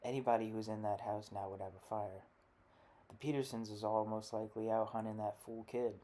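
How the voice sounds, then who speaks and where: A man reading the part of a rough, bitter rural father, with gruff, blunt folksy talk. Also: on the low side, flat delivery, brisk, mellow, a little hiss or hum, natural voice. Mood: grudging.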